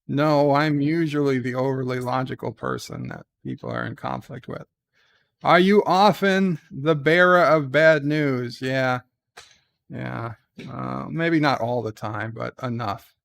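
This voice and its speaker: A man hosting his show in casual chat, reading quiz questions aloud and answering with dry, deadpan humor. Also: a little slow, vocal fry, dry recording. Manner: reads questions brightly, answers low and mumbled. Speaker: show host. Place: at home.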